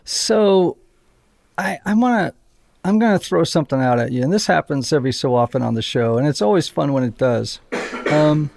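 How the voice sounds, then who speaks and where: A man's voice: a little high, normal speed, creaky, a little mellow. A man hosting a podcast, explaining ideas to his guest in a thoughtful, conversational way. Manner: thoughtful, explaining with fillers and restarts. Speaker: podcast host. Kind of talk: conversational interview.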